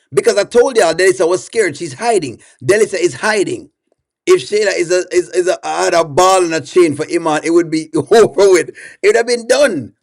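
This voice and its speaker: Reaction host: man, high voice, animated, teasing. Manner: animated, laughing, teasing, repeats himself. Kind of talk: comedic reaction commentary.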